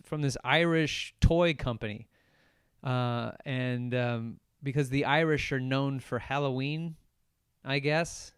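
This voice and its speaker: Young male podcast host, swearing and sarcastic, smooth clear voice, dry close sound, mid pitch. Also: no room sound. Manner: profane, sarcastic, rambling. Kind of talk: solo movie review rant.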